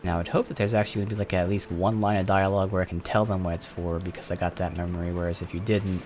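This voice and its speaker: Low-voiced Philly man narrating gameplay. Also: fairly even intonation, fast talker, a little mellow, slight background noise. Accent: Philadelphia. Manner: chatty, offhand, swears casually. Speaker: gameplay commentator. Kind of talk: casual let's-play commentary.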